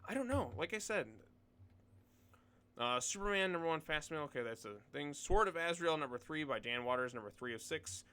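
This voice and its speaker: Fast-talking bright-voiced man. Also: fairly high pitch, lively intonation, clear, resonant tone. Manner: rambling, blunt, many fillers and asides. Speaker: comics video host. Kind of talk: casual commentary reading solicitations.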